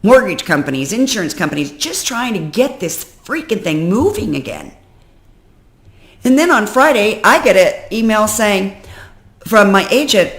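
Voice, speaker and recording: A woman telling a candid personal story to the camera, venting and emotional, dropping low and weary, then rising loud and exasperated. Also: sing-song, a little slow. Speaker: personal development vlogger.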